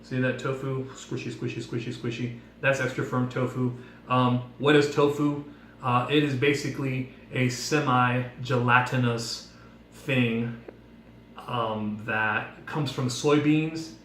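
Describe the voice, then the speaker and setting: A man giving a playful devotional talk with props, telling a story in a jokey, animated way. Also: medium pitch, slow, a little hiss or hum. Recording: echoey room, mic at a distance.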